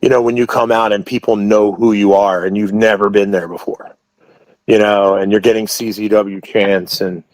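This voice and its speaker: A man with a fairly low voice tells long stories as an interview guest. He rambles, restarts sentences and fills gaps with asides. The sound is dry and close, with no room echo. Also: little pitch movement, moderate pace, darkish tone. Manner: rambling, many restarts and "you know" asides. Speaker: wrestling promotion owner, interview guest. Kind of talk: casual interview storytelling.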